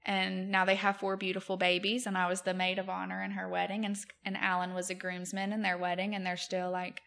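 Give me a woman in her thirties, a chatty, laughing storyteller with a bright, crisp tone. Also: mid-range voice, completely flat delivery, brisk. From Mobile, Alabama, US. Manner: chatty storyteller, laughs often, many fillers. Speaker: podcast guest. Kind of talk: casual chat.

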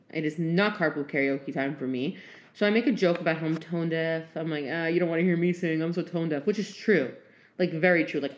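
A young woman hosting a podcast, telling a bad-date story in an animated, self-deprecating way with lots of "like" and "um". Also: deep voice. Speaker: podcast host. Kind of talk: casual storytelling monologue. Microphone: handheld phone.

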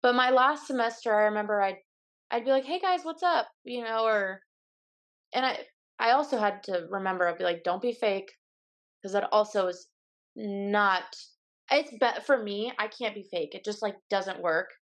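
A woman's voice: medium pitch, normal speed. A young woman in her twenties speaks as a podcast guest, loose and casual. She is candid and blunt, and she slips into playful quoted lines in her own voice. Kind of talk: casual chat.

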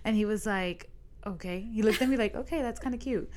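Young woman in her twenties, podcast co-host, chatty storyteller who quotes everyone, mid-pitched. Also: fairly quick, slight background noise. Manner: retells a dream with lots of "I was like" quotes. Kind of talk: casual storytelling chat.

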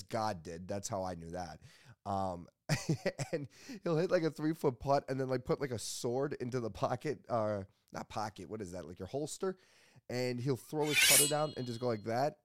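A man's voice: mid-range voice, dry recording, studio quality. A man hosting a comedy podcast, telling rambling, self-mocking stories in casual chat.

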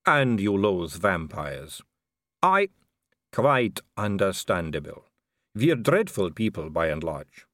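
A man's voice: deep voice, sing-song, slow pace, fairly bright tone, no room sound, clean studio sound, pitched below the performer's own voice, exaggerated voice. A man voicing a poised, middle-aged female vampire aristocrat, polite and gracious with a light teasing edge.

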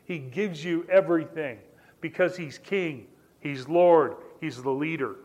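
Man, pastor, sermon, high voice, conversational storytelling, repeats phrases for emphasis. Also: measured pace, a little mellow. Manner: repetitive, building emphasis through restated phrases; conversational, addresses listeners directly.

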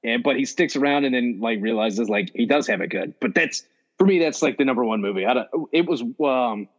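A man co-hosting a podcast in casual chat, relaxed, swearing freely and asking questions. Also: medium pitch, fairly quick. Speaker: podcast co-host. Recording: dull lo-fi audio.

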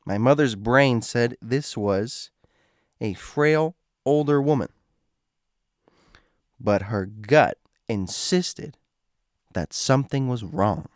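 Guy reading a creepy story post real slow, trips on words, dry close sound. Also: mid-range voice, dry recording. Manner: stumbles over words and adds asides.

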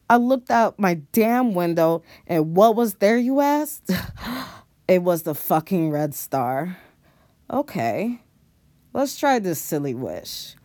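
A woman's voice: lowish voice, darkish tone, dry recording. A woman narrating a first-person horror story in a dramatic, exclamatory way, with casual swearing.

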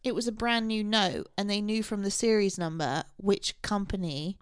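A woman's voice: medium pitch, moderate pace, clean tone, no echo, clean studio sound. A young English woman co-hosting a podcast, joking around in a casual chat about a true crime case. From England. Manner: jokey, playful asides. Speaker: podcast co-host.

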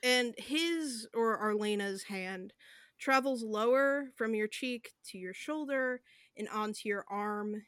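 A woman's voice: a little high, slow, fairly bright tone, clear, resonant tone, no echo. Woman narrating a tabletop game, dry. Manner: vivid, descriptive narration with fillers. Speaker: game master.

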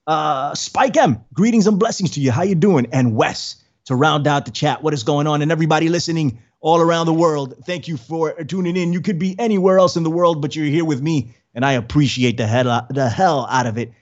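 A man's voice: on the high side, fairly quick, few pauses, highs cut off. A man hosting a casual livestream podcast, rambling and repeating words as he greets the chat. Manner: rambling, repeats words, friendly shout-outs. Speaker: podcast host.

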